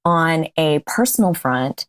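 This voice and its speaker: Low-pitched woman guest, candid, laughs a lot, chatty. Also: lively intonation, measured pace, smooth. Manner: candid, laughs often, restarts mid-sentence. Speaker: podcast guest. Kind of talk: casual interview chat.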